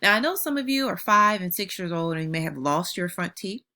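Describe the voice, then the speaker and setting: A woman teacher leads young children through a phonics lesson at home, slowly modeling sounds and patiently praising them. Her voice sits on the low side, expressive, pushed and bright.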